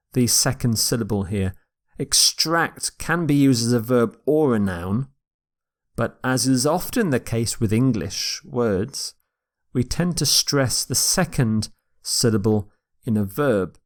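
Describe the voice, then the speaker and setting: Slow, deliberate man teaching vocabulary. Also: mid-range voice, animated. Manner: slow and deliberate, repeating words for pronunciation. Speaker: English teacher. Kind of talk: vocabulary lecture.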